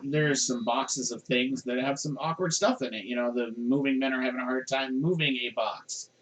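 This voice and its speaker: A man's voice: medium pitch, normal speed, poor audio. A middle-aged man hosting a podcast, chatting casually and rambling with plenty of fillers. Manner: rambling, animated, chuckles often. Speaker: podcast host. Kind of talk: casual chat.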